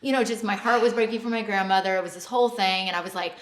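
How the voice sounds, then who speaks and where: A woman's voice: mid-range voice, rapid-fire. Woman, podcast co-host, chatty, filler-heavy storytelling, roomy echo. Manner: chatty, many "like" fillers, animated retelling. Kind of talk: casual storytelling chat. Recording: echoey room.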